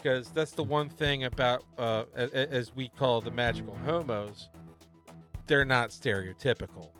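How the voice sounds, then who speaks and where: A man co-hosting a casual podcast chat about voice acting, rambling with halting restarts. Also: mid-range voice, fairly bright tone, faint music behind. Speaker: co-host and voice actor.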